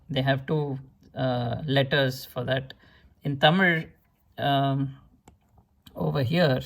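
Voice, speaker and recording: A man slowly explaining writing scripts and their sounds, pausing often with fillers and sounding out syllables to show pronunciation. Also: medium pitch, fairly even intonation, vocal fry, fairly bright tone. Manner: slow, hesitant explaining with many fillers and restarts. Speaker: script teacher. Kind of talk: explanatory lesson.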